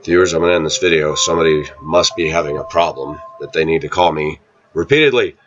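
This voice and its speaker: Deep-voiced man rambling a personal story. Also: fast talker, dull audio, over music. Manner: rambling storytelling, frequent throat clearing. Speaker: vlogger. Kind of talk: casual monologue to camera.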